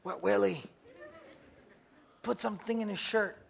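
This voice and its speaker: A man's voice: high voice, measured pace, vocal fry, slight background noise, exaggerated voice. A man voicing a pushy young male classmate who keeps whispering and urging someone to prank a sleeping student.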